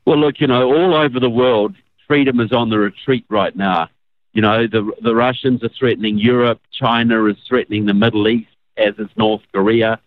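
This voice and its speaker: A man's voice: medium pitch, steady tone, moderate pace, no echo. A man with a New Zealand accent, a guest speaking earnestly on a call-in show. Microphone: phone call. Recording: phone line.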